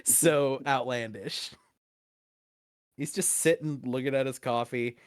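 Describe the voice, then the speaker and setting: A man's voice: mid-range voice, fairly even intonation, slow pace, clear, resonant tone, no room sound, studio quality. A man narrating a tabletop role-playing game as game master, loose and casual, often laughing.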